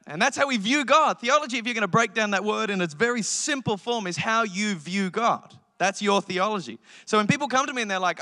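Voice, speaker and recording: A man in his thirties preaching a sermon as pastor, telling joking family stories with lively impressions. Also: high-pitched, quick pace, hardly any pauses, big-room sound. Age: 30s. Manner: energetic, joking storytelling with animated impressions.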